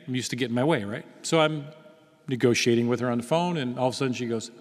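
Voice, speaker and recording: A man's voice: mid-range voice, fast. Man telling a story in a reverberant hall. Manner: storytelling, acts out dialogue, lively. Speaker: speaker giving a faith testimony. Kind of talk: testimony talk to an audience.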